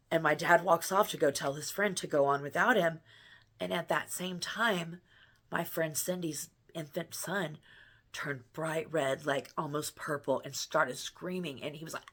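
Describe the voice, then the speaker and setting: Low-voiced woman telling a personal story. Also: steady tone, normal speed, pushed and bright. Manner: earnest, rambling, with many restarts and "you know". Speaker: spiritual vlogger and healer. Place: home.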